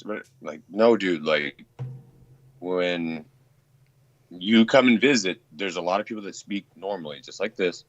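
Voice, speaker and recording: A man's voice: low voice, a little slow. A man from Texas chatting casually on a podcast, profane and rambling. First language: not English. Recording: dull lo-fi sound.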